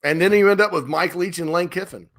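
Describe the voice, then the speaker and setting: A middle-aged man chats casually as a sports talk host. His voice sits a bit high and bright, with a forceful edge. He tells stories in an animated, rambling way and restarts his sentences often. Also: quick pace.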